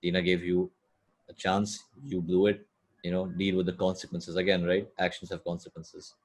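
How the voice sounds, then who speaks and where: A man with a fairly low voice co-hosts a casual podcast, talking through a video game's story. He gets animated, often paraphrases scenes, and gives blunt opinions, filling the gaps with "uh" and "like.". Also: normal speed, slightly rough. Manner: blunt opinions with filler words. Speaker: podcast co-host. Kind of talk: casual video game discussion.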